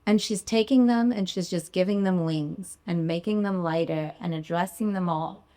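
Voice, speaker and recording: A woman's voice: lowish voice, normal speed, mellow. A woman physician performing a live story, emotional, confessional and vivid.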